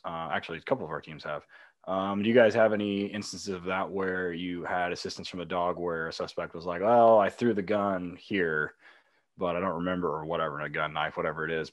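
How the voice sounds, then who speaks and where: A man with a very deep voice hosts a casual podcast chat. He talks in a relaxed, loose way with plenty of fillers, and the sound is close and dry. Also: no room sound. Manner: relaxed, chatty, laughs easily. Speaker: podcast host, police dog handler.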